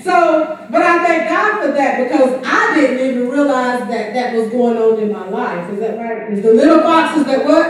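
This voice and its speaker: A woman's voice: high voice, expressive, normal speed, few pauses. A woman teaching Sunday school, calling out questions for the congregation to answer. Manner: asks the congregation to fill in words. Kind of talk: church teaching with call-and-response. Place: large church hall. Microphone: room mic far from speaker. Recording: echoey church hall from far off.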